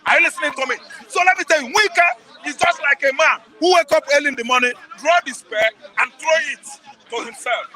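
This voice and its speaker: A man's voice: very high-pitched, a little fast, sharp tone, a faint crowd, rough recording. A man with a Nigerian accent giving heated political commentary as a guest, emphatic and repetitive, pressing the listener with rhetorical questions.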